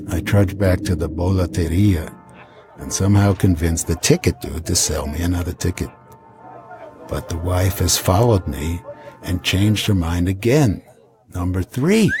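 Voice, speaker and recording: A man's voice: low voice, animated, moderate pace, over music. Older man telling a wry travel story. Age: 70s. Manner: wry, dry humorous asides. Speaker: podcast host.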